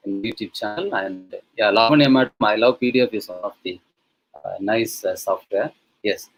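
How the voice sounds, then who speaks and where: Male professor from India, lowish voice, chatty webinar lecturer who leans on fillers and "okay?". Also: creaky, low-quality recording. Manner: conversational, many fillers, frequent checks with "okay?". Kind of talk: online teacher-training lecture.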